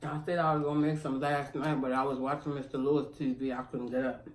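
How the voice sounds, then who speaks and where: A woman's voice: extremely low pitch, little pitch movement, fast talker, darkish tone, recorded from a distance. A woman hosting an eating show, chatting casually between bites and laughing often. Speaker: mukbang host. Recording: echoey room, voice from afar, faint room noise.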